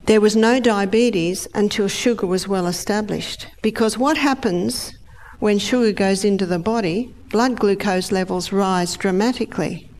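A middle-aged woman giving a lively health lecture, acting out the body's organs in high, excited voices. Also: a little slow.

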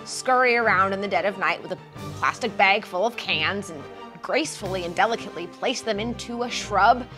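A woman's voice: medium pitch, fairly quick, over music, lightly acted. A woman playing a brash, indignant older lady who claims she founded a bean company, in a comedy sketch. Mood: defensive. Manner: loud, brassy, indignant, drawling.

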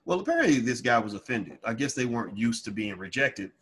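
A man telling a personal story in an emphatic monologue, growing loud and high-pitched when heated. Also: big pitch swings, fairly quick, a little hiss or hum. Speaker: financial educator.

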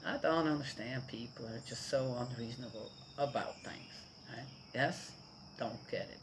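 A woman's voice: a bass voice, normal speed, noisy background. An older woman chatting casually outdoors to her viewers, rambling on and checking in with her listeners as she goes. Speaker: vlogger. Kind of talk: casual morning chat.

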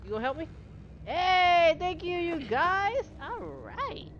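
A woman's voice: very high-pitched, slow pace. A middle-aged woman streaming a game live, chatting casually, greeting viewers by name and laughing often. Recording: slightly dull home-stream audio with steady noise.

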